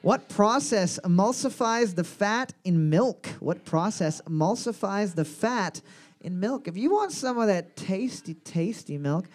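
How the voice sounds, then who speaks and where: High-voiced man hosting bar trivia. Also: lively intonation, unhurried. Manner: crude, joking, profane. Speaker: trivia host.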